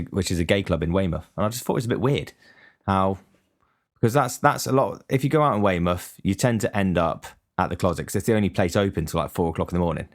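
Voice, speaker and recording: Man, low voice, casual storyteller, sweary and deadpan. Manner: rambling, sweary, deadpan complaining.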